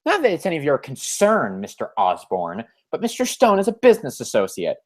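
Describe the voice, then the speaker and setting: A man's voice: on the high side, huge pitch swings, brisk. Man reading a curt businesswoman.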